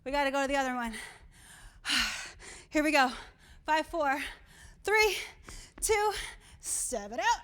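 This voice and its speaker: Breathless, high-voiced fitness coach woman. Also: takes it slowly, pauses often. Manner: energetic, encouraging, counting down. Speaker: fitness instructor. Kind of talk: live workout coaching.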